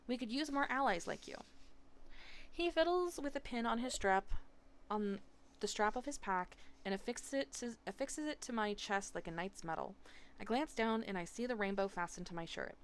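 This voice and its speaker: A woman reading a novel aloud live in steady, expressive narration. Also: mid-range voice, moderate pace, clear, resonant tone. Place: home streaming setup.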